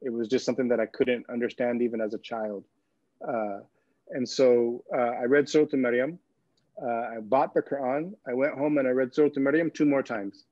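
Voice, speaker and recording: A man's voice: medium pitch, fairly even intonation, a little fast, a little mellow, no echo. A man from California, a guest telling a personal story with humor, laughing often and repeating words as he goes. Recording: dull, dry lo-fi sound.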